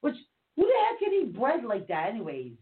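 A woman's voice: a little high, wildly swooping pitch, brisk. A woman co-hosting a casual online teaching chat, joking around in a playful, goofy way. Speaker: co-host. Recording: tinny narrow-band online call audio.

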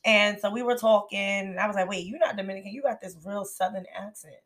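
A woman's voice: medium pitch, steady tone, fast talker. A young woman co-hosting a podcast, telling a story in casual chat and laughing often. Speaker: podcast co-host.

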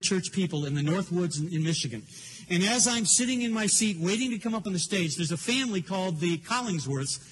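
An older male pastor preaches in a high voice, earnest and openly emotional as he tells his story. Faint noise hangs behind him. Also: lively intonation, fairly quick. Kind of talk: sermon.

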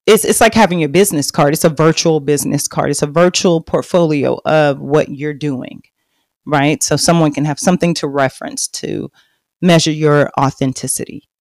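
Texan woman in her 30s talking about her life on her podcast, chatty then hushed, dry close mic. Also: low voice, moderate pace, no echo. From Texas. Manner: chatty and confiding, lively and loud when bragging, hushed and reflective later. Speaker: podcast host. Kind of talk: personal storytelling monologue.

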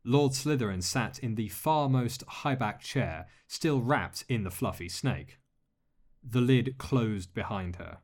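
A man narrating a story aloud as an audiobook reader, steady and expressive. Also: medium pitch, slow. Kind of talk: audiobook reading of fan fiction.

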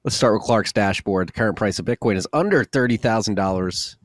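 A man's voice: lowish voice, fairly quick, no room sound, studio quality. A man hosting a podcast in casual chat, joking with guests and a bit tired after a workout. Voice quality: relaxed, jokey, calls listeners freaks. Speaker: podcast host.

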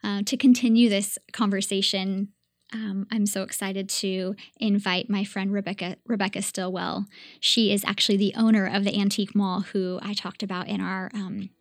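Woman, 30s, devotional podcast host. Earnest and warm-hearted, with a level delivery and a dry, close sound. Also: mid-range voice, little pitch movement, moderate pace, no echo. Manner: earnest and gentle, inviting listeners to reflect. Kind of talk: reflective devotional podcast talk.

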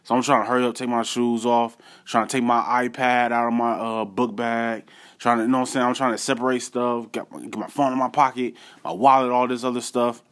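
A man tells a personal story in an easygoing, animated way. He talks straight to his audience with a mid-range voice, slangy asides and loose fillers. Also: mid-range voice, a little fast. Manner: animated, addresses viewers directly with slangy asides. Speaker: vlogger. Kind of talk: casual storytelling to camera.

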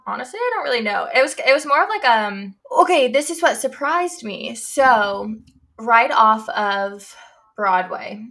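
A woman's voice: fairly high pitch, lively intonation, measured pace, gravelly, a bit bright. A young woman co-hosting a podcast, chatting casually and filling her speech with "like" and "you know". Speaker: podcast co-host. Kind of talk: casual chat.

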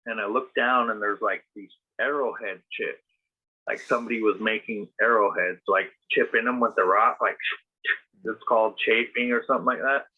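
A man's voice: lowish voice, steady tone, moderate pace, breathy edge. Rambling man on a tinny line. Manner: rambling, full of fillers and profanity. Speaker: podcast host. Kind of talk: casual storytelling. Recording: tinny phone-like sound.

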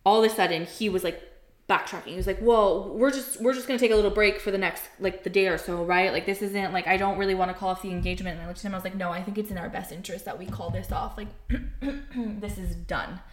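A young woman telling a personal story in casual chat, candid and animated, swearing and filling her talk with "like". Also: on the low side, quick pace, roomy sound. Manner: candid, animated, swears freely, many fillers.

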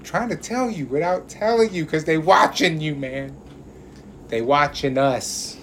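A man in casual chat, telling stories in a profane, animated, riffing way. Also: on the high side, unhurried. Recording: noisy recording.

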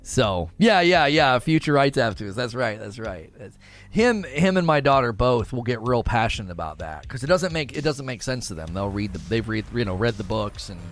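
A man hosting a casual livestream, reading viewer chat aloud and rambling in a relaxed way, often laughing and repeating himself. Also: medium pitch, moderate pace, faint music behind.

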